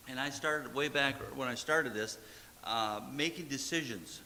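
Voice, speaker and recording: A man's voice: medium pitch, takes it slowly, sharp tone, big-room sound. Man, pastor, folksy sermon, repeats short commands, faint hiss. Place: church sanctuary.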